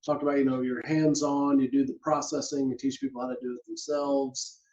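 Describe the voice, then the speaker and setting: A man's voice: medium pitch, flat delivery, a little fast, a little mellow. A man hosting a podcast interview, asking questions in an easygoing, encouraging way. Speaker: podcast host. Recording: dull, echoey room sound.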